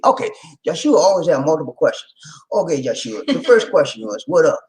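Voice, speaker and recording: Greeting his viewers with playful laughter, a Southern-accented livestream host from Charleston, South Carolina, keeps things casual. The middle-aged man's voice is on the high side, sing-song and fairly quick, and the recording quality is low.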